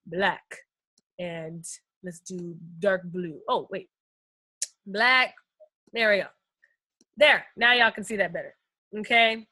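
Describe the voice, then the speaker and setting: Woman, trading instructor, high voice, chatty, excitable, live screen lesson. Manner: excitable, bursts loud then drops quiet, chatty asides; addresses viewers as guys and first timers.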